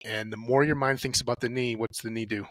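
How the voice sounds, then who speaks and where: A man talks casually as a podcast guest. He acts out little inner dialogues and swears freely as he tells stories. His voice is bright and forceful, and the sound is dry, with no room echo. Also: mid-range voice, steady tone, a little fast. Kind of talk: casual conversational talk.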